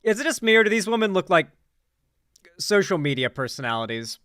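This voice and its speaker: A man's voice: sits high, big pitch swings, fairly quick, a bit bright, no echo, clean studio sound. A man hosting casual political reaction commentary, rambling with many fillers, restarts and blunt swearing.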